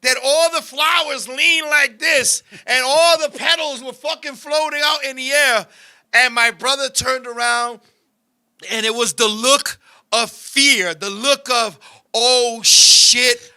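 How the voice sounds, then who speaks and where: A man with a strikingly high, sharp, bright voice hosts a casual show. He tells stories in a loud, animated, profane way and often breaks into shouts. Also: unhurried. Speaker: show host. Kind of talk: comedic storytelling chat.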